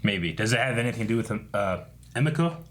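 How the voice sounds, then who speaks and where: A man hosting a casual reaction chat, animated and laughing often as he acts out quotes. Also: lowish voice, fast talker. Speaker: show host.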